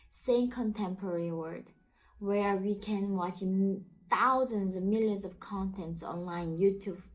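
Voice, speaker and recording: A woman's voice: mid-range voice, a little mellow, low-quality recording. Woman, Korean accent, Korean her first language; earnest, urgent commentary to camera. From North Korea. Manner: earnest, impassioned, non-native phrasing. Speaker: YouTuber and activist.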